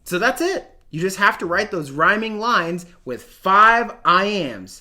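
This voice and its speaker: Playful, bright-voiced man teaching a lesson. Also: sits high, sing-song, measured pace, few pauses. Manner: jokey, slangy, sing-song chanting.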